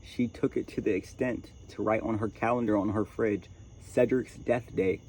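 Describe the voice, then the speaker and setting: A man tells a dramatic story straight to his viewers, calling them chat and y'all as he goes. His voice sits fairly low, and faint crickets and birds sound behind him outdoors. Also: steady tone, moderate pace, darkish tone, a little hiss or hum. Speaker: vlogger. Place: outdoors at a tent camp.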